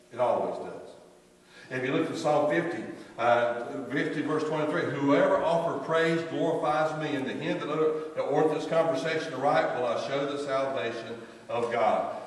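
In a church sanctuary, an older man delivers a sermon as pastor, his mid-range voice folksy and peppered with repeated phrases and side remarks. The recording is distant and echoey, with a little hiss or hum.

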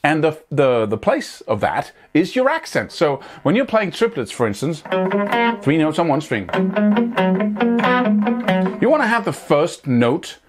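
A man's voice: a little high, unhurried, pauses often. A man giving a guitar lesson, explaining picking technique and checking in with listeners as he goes. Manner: animated, hands-on, scats picking rhythms aloud; checks in often with "right?" and "wouldn't you say?". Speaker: guitar teacher.

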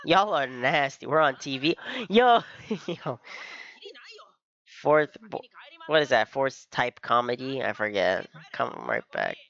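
A man's voice: mid-range voice, very animated, takes it slowly, creaky, a bit bright, dull audio. A young man giving casual reaction commentary on an anime episode, laughing often and calling everyone "bro".

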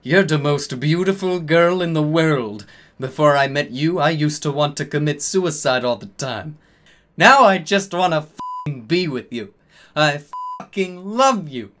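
A man's voice: a little high, lively intonation, a little slow, fairly bright tone. A man voicing a lovesick, brooding teenage goth boy, making overwrought, melodramatic declarations.

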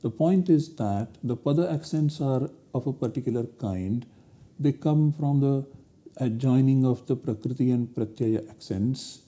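A man's voice: mid-range voice, measured pace, mellow. A man giving a university lecture, explaining step by step in a methodical way.

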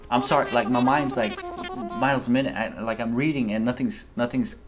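A man hosting a gaming video, giving excitable, slangy let's-play commentary straight to his viewers. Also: medium pitch, normal speed. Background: game music.

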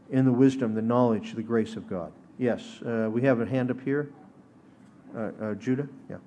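A man's voice: mid-range voice, darkish tone, slight background noise. A man teaching a sermon at a synagogue service, earnest and emphatic, sometimes rising to exhortation. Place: synagogue sanctuary.

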